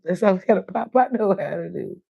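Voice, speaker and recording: A woman hosting a live stream, easygoing and chatty as she talks straight to the people in her chat. Her voice sits at a middle pitch, neither high nor low. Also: brisk, creaky, mellow, lo-fi sound. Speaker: livestream host. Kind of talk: casual live chat with viewers.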